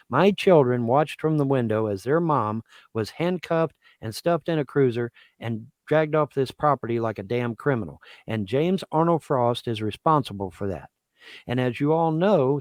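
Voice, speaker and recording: A man speaks in a bitter, accusatory rant, hammering the same points again and again. His voice sits at an ordinary middle pitch. The sound is dry and close, with no room around it. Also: a little mellow, dry recording. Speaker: livestream host. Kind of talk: aggrieved ranting monologue.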